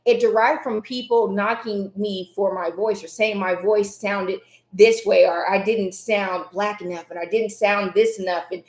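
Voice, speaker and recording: A woman hosting a live self-help stream, speaking earnestly in repeated, emphatic affirmations, her voice a little raspy at times. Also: medium pitch, steady tone, unhurried, darkish tone, reverberant. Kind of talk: motivational live-stream talk.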